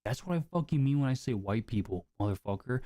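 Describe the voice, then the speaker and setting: A man streaming live, arguing in a combative, profane, quick-fire way. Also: mid-range voice, expressive, mellow, dry recording, studio quality. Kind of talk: heated casual argument.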